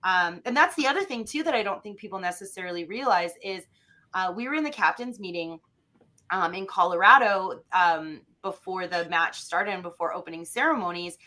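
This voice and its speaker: A woman's voice: on the low side, brisk, sharp tone. A woman from Alberta, a podcast guest, chatting casually and animatedly with lots of fillers and acted-out quotes. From Alberta, Canada. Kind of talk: casual conversational interview.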